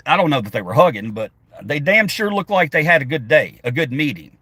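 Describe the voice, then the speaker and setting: Pitched on the high side with big swings, he talks fairly quickly and barely pauses, his tone bright and forceful with a breathy edge. The middle-aged man is livestreaming by phone from his car, swearing often as he combatively and sarcastically rants back at chat comments. The audio is studio quality with no room sound.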